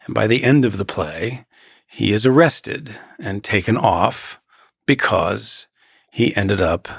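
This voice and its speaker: Low gravelly man telling stories. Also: animated, no echo, clean studio sound. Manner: measured, halting, with dramatic pauses and quoted asides. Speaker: podcast guest, actor. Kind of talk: reflective interview storytelling.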